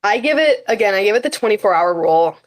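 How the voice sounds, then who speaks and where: A woman's voice: mid-range voice, animated, quick pace. A teenage girl talking as a podcast guest in a casual interview, chatty and full of fillers, often acting out her own words to others. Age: high school teen. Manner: chatty, frequent fillers and quoted self-talk. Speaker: guest, high school runner.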